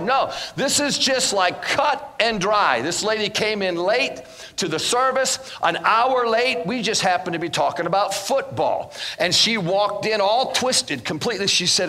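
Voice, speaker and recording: High, bright-voiced male preacher. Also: normal speed, in a large hall. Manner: animated, acts out dialogue. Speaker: guest minister. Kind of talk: sermon with storytelling. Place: church in front of a congregation.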